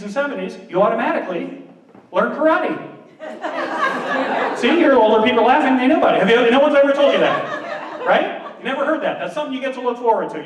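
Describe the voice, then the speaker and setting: A man doing a stand-up comedy set, chatty and animated, who keeps asking the audience questions. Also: very high voice, background noise. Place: large room on stage before an audience. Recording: roomy hall, distant mic, audience.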